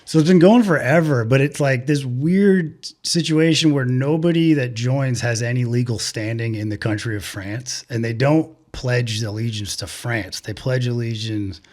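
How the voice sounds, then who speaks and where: A man's voice: mid-range voice, normal speed, hardly any pauses, a little mellow. Man, podcast co-host, casual chat, rambling, swears, lots of fillers. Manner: rambling, profane, filler-heavy storytelling.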